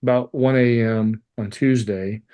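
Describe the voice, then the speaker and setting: A man's voice: medium pitch, fairly even intonation, a little slow, warm tone. A man, a podcast guest, telling a painful personal story with candid swearing and wry laughs. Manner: candid and emotional, swears freely; laughs through hard memories.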